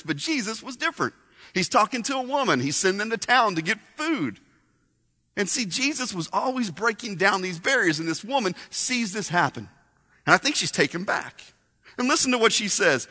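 A man's voice: high-pitched, very animated, normal speed, sharp tone. A man preaching a sermon, storytelling with asides to the congregation, in a reverberant hall.

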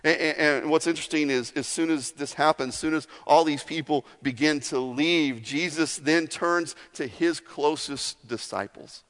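A man's voice: fairly high pitch, moderate pace, hardly any pauses, a bit bright. A man preaching a sermon to his congregation in a casual, conversational way, acting out little asides as he goes. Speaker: pastor. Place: large church hall. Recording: long hall reverb.

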